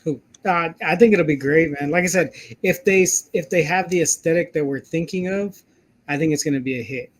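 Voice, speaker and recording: A man's voice: fairly high pitch, a little fast. Laid-back slangy male co-host. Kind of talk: casual chat.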